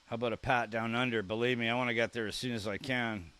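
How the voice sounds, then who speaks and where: A man's voice: medium pitch, fairly even intonation, fast talker, pushed and bright, smooth. A man hosting a live stream, chatting casually and reading viewer comments aloud in a friendly, joking way. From Canada.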